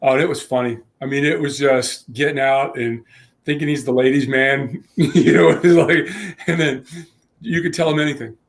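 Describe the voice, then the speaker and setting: A man co-hosting a casual tech podcast, telling a long story with lively acted-out quotes and frequent laughs. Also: mid-range voice, normal speed. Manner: animated storyteller, acts out quotes, laughs often. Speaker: podcast co-host.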